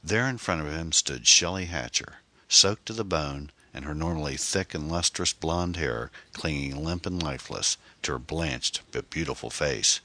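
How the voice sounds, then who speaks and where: A man reading a mystery novel aloud as scripted audiobook narration, expressive and steady, on a close microphone. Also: extremely low pitch, moderate pace, hardly any pauses.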